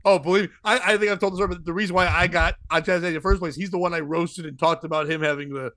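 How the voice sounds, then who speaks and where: A man's voice: sits high, fast talker, no room sound. A man hosting a podcast, telling a long comic story and acting out the voices of the people in it. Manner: animated, acts out quoted voices. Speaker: podcast host and comedian. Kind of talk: storytelling chat.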